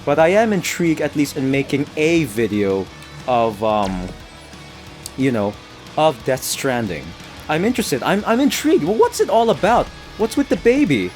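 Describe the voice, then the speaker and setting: A man's voice: on the high side, sing-song, moderate pace, darkish tone, faint music behind. A man with an American accent giving casual gameplay commentary, laughing often and tripping over his own restarts. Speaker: let's play gamer.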